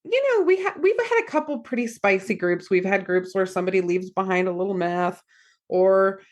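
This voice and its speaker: This American woman, a therapist who hosts a podcast, speaks briskly in a mid-range voice. Chatting casually, she tells a story with animation and acts out the quotes.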